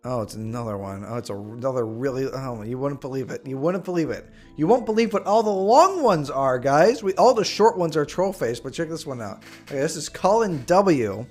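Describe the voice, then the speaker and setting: A young man streaming, reading viewer stories aloud with jokey, excitable asides. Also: fairly high pitch, moderate pace, soft background music.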